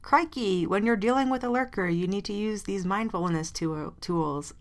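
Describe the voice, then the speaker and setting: A woman's voice: mid-range voice, steady tone, moderate pace, natural voice. A woman doing a playful impression of an enthusiastic Australian male wildlife showman, with a weak attempt at the accent. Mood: excited.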